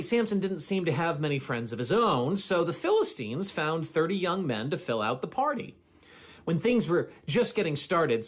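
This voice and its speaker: Lively church storyteller with wry asides. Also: mid-range voice. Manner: conversational, with wry asides to the listeners; animated, acting out quoted lines. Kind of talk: retelling a Bible story to a congregation.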